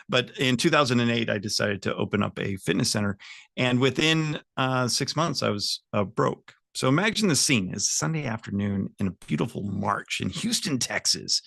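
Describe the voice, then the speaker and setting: A sales coach in his fifties with a gravelly, bright, forceful voice tells a personal story to his trainees. He chuckles a lot and speaks to the audience directly, and the sound is close and dry. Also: medium pitch, dry recording.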